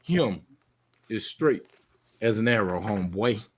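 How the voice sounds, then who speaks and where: A man hosting a live stream chat with a friend, teasing and joking in slang with sudden loud bursts. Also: on the low side, expressive, unhurried, slightly rough. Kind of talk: casual banter on a live stream.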